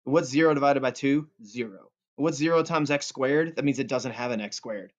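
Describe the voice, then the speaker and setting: A man's voice: medium pitch, moderate pace. A male math teacher giving a recorded calculus lesson in a playful, joking way. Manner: playful and goofy, jokes with students. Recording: dull lo-fi audio.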